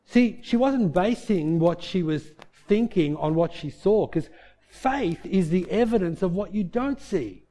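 Aussie pastor telling a story in a sermon, mellow dark voice, bit high, loud then hushed. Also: male voice, expressive, unhurried. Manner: storytelling, swinging from loud bursts to hushed tones.

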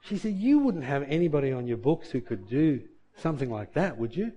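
Conversational male preacher, mellow tone. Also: mid-range voice, big pitch swings, brisk, dull audio. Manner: conversational, with many restarts and asides to the congregation. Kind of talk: sermon with personal story.

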